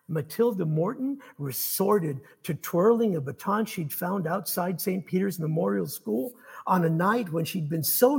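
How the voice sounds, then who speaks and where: Gravelly-voiced man reading his story. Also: sits high, darkish tone. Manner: measured storytelling. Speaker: author. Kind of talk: reading his fiction aloud.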